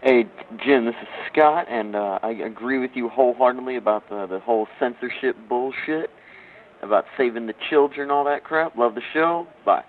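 A man's voice: medium pitch, moderate pace. A male caller leaving a casual voicemail. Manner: casual, rowdy. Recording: tinny phone voicemail with faint noise.

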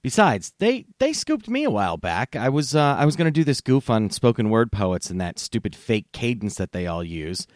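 A man hosting a comedy podcast, animated and laughing, with casual swearing. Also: medium pitch, moderate pace, hardly any pauses, no echo, clean studio sound. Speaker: podcast host.

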